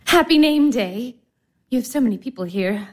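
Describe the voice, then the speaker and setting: An actress playing a flustered, gushing young fiancée. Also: female voice, a little high, lively intonation, normal speed. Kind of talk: stage-play radio acting.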